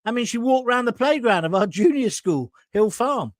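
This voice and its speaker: A man's voice: extremely high pitch, lively intonation, moderate pace, no room sound. A man, hosting an online talk show and chatting casually through viewer comments in a blunt, jokey way with crude asides. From England.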